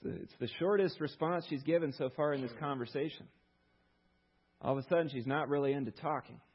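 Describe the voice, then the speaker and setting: A male pastor preaching a sermon, retelling a story in an animated way with rhetorical questions. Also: on the high side, brisk, slightly rough, dull audio.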